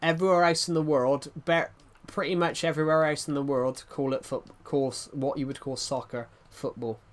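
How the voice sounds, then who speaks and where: A man's voice: a little high, fairly even intonation, a little fast. A man chatting casually on a live stream, rambling and often restarting his sentences as he answers chat. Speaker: livestreamer reading chat.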